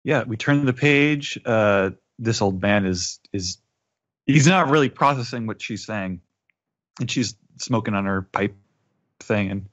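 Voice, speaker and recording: A man's voice: on the low side, measured pace, fairly bright tone. A man hosting a podcast, narrating a scene in casual chat. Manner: narrating a scene with quoted lines. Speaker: podcast host. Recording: dull lo-fi podcast audio.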